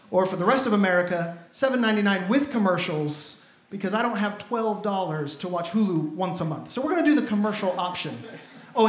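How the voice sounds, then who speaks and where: High voiced guy in his 30s doing standup, echoey stage. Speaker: stand-up comedian. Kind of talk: stand-up comedy set. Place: comedy stage.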